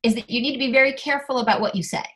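Animated middle-aged woman telling her story. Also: high-pitched, rapid-fire. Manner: animated, acts out quoted dialogue. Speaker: guest. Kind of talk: candid personal storytelling.

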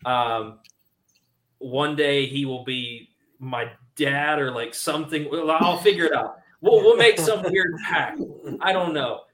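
A man's voice: fairly high pitch, unhurried, fairly bright tone, roomy sound. A young man co-hosting a casual podcast, talking eagerly and rambling with lots of fillers. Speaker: podcast co-host. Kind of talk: casual chat.

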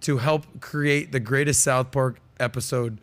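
A podcast host gives casual, emphatic commentary full of fillers, quoting and reading passages aloud. His voice is mid-range, steady in tone, fairly bright, and unhurried.

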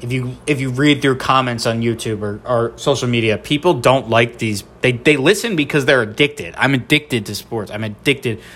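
A man's voice: medium pitch, normal speed, few pauses, a bit bright. Nasal man ranting about sports. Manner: blunt, profane, exasperated ranting. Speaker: podcast host. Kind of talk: sports rant podcast.

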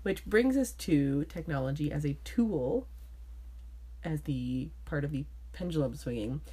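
A woman's voice: low voice, expressive, measured pace, dark tone, slightly rough. A woman co-hosting a casual podcast from her bedroom, talking in a sing-songy, giggly, rambling way. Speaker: podcast co-host. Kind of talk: casual chat.

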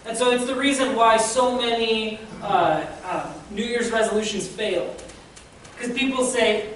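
A woman's voice: a little high, moderate pace. A woman preacher giving a conversational sermon, speaking directly to her listeners. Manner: conversational, addresses listeners as guys. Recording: echoey room, distant mic, faint noise.

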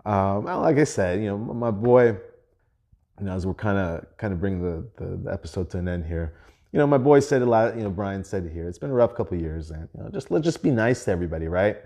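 A man's voice: low-pitched, lively intonation, a little fast, warm tone. A young adult man hosting a podcast, telling a profane story in a loose, laughing way. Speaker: podcast host. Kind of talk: casual storytelling monologue.

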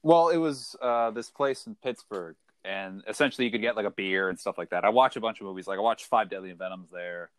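A man co-hosting a casual podcast chat, animated and profane, laughing often and mimicking people. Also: fairly low pitch, a little fast, few pauses, clean tone, dry recording. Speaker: podcast co-host.

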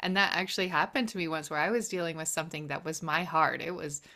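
A woman's voice: sits low, fast talker. A woman hosting a casual conversation, affirming her guest and sharing her own experience. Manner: warm, affirming listener.

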